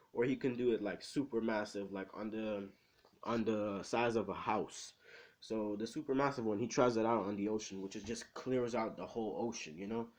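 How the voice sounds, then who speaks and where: A man's voice: medium pitch, a little mellow. A man casually telling a fan story, rambling and swearing with lots of filler. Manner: rambling, profane, lots of "you know".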